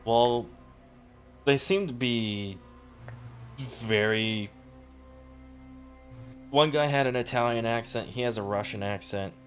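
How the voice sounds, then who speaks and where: A man's voice: mid-range voice, slow pace, long pauses, faint music behind. A man narrating a tabletop role-playing game as game master, in a loose, rambling way with fillers.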